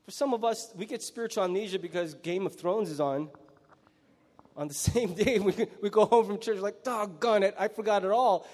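A pastor preaching a sermon, animated and acting out the voices of kids and parents, then dropping low and quiet for grim images. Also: male voice, normal speed. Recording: long hall reverb.

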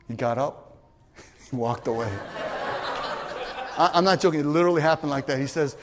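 A man pastor telling a story in a sermon, animated, swinging from loud, excited bursts to quiet asides. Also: medium pitch, a little fast, long pauses. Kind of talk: storytelling sermon at a youth retreat. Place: retreat meeting hall. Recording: long reverb of a large hall.

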